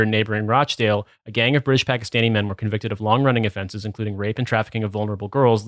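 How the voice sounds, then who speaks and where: A man's voice: fairly low pitch, fairly bright tone, no room sound, clean studio sound. A man hosting a podcast chat, reading a news article aloud with sardonic asides and swearing. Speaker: podcast host.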